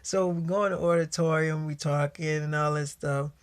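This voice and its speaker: A man's voice: fairly high pitch, fairly even intonation, normal speed, clear, resonant tone. A man telling a personal story in a casual, slangy way, full of profanity and quoted back-and-forth dialogue.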